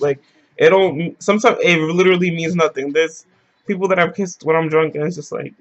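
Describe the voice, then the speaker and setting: A man's voice: fairly high pitch, fairly even intonation, a little fast, dull audio. A man telling a story in a casual vlog, loose and slangy, rambling as he goes.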